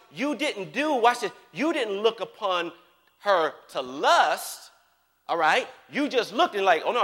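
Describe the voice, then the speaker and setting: A long hall reverb surrounds a male preacher's high, bright voice as he preaches an animated, lively sermon. He moves between hushed asides and shouting, checking in again and again to see if his audience follows.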